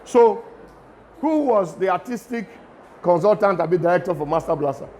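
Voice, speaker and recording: A middle-aged Nigerian man with a Nigerian accent, giving a lively lecture to students and mixing in pidgin asides. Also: high-pitched, moderate pace, a little hiss or hum. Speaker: guest lecturer.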